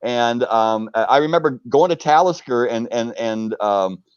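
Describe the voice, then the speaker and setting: A middle-aged man from the United States, a guest on a live video chat, telling stories in a casual, animated way and acting out the quotes. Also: medium pitch, measured pace, smooth, no echo, lo-fi sound. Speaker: interview guest. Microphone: video call.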